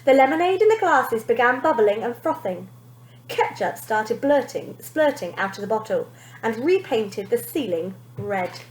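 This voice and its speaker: A woman teacher reads a children's story aloud, pausing to point out the pictures. Her pitch sits high and moves with lively swings. The room around her is echoey. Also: slight background noise.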